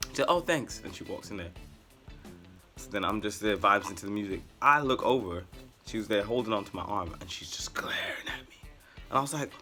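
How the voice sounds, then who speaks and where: Brief: low-pitched man, bright forceful tone, animated rambling storyteller with sarcastic asides, faint music behind. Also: brisk. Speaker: vlogger. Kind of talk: casual storytelling.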